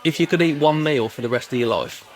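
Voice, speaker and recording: A man's voice: fairly high pitch, fast talker, low-quality recording. A man co-hosting a casual pub interview, firing off curious questions with light banter. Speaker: co-host. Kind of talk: casual chat.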